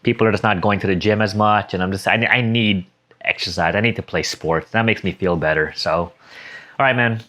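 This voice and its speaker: A man's voice: fairly low pitch, fairly quick, sharp tone. A young man talking casually and emotionally in a personal vlog, rambling and correcting himself as he reflects. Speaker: vlogger.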